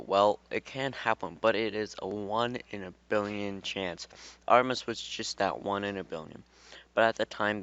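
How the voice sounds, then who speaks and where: A man's voice: low voice, fairly bright tone, clean tone. A man reading fan fiction aloud in a casual way, breaking off into rambling, swearing asides. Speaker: fan fiction reader and YouTuber. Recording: dull, dry home recording.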